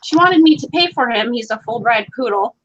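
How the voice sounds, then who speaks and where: Woman, higher voice, chatty and repetitive, video call. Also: expressive, normal speed, fairly bright tone, dull audio, slight background noise. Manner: chatty, repeats phrases. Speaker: video hangout participant. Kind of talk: casual video call chat.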